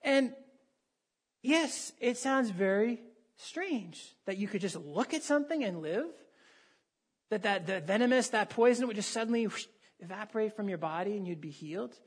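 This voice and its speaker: Husky-voiced preacher reading scripture. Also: mid-range voice, animated, moderate pace. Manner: conversational, asks the listeners questions and reads scripture aloud. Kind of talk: sermon with Bible reading.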